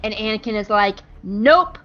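A woman hosting a casual recap show, animated and playful, swearing freely. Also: on the high side, normal speed, muffled recording. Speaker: podcast host recapping an episode. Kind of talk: casual chat.

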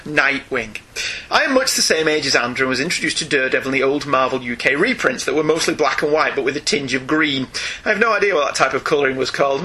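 Male podcast host, husky and sharp-toned, reads fan mail with laughing asides. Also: on the high side. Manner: reads emails aloud with frequent laughter and asides. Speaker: podcast co-host reading listener emails. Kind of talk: casual podcast chat.

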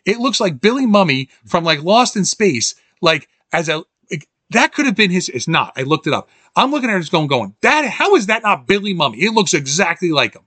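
A man casually recapping a film as podcast host, animated, quoting scenes and laughing often. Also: a little fast, hardly any pauses, dry recording. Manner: animated, quotes scenes in jumpy high voices, laughs often.

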